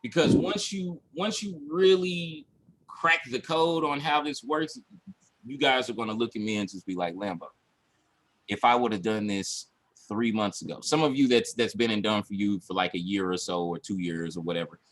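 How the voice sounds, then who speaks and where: A man coaching his viewers in a casual livestream, emphatic and repetitive, acting out his own panic with shouts and laughs. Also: medium pitch, normal speed. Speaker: online business coach.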